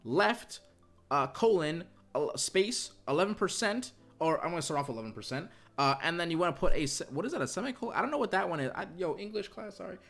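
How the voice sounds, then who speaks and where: Young male tutorial host, quick rambling delivery, a bit high, bedroom recording. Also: very animated, creaky, a bit bright, soft background music. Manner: rambling, repeats "right?" and "you guys". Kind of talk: casual screen-recorded software tutorial.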